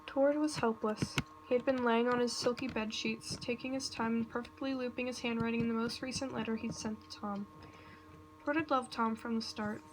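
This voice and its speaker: A woman reading a fan story aloud in a nervous, halting way, breaking off now and then. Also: fairly high pitch, fairly even intonation. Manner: nervous, self-interrupting reading with asides. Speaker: reader. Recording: noisy home recording with computer clicks.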